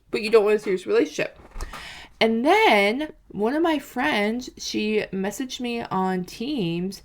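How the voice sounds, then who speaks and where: A woman's voice: a little high, measured pace. A woman in her twenties telling a dating story in a rambling, casual way, with lots of "like" and "you know". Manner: animated, acts out quoted lines. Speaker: vlogger.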